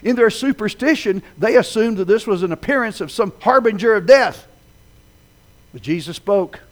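Male pastor, sermon, lively pitch that swoops widely, builds and drops for dramatic storytelling. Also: normal speed. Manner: dramatic storytelling delivery, swelling loud then dropping low.

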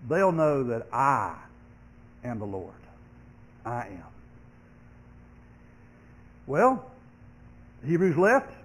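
A man, a pastor, preaching a sermon, earnest, growing loud and sharp when he acts out complaining voices and dropping soft for comfort. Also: mid-range voice, big pitch swings, extremely slow, pauses often, rough recording.

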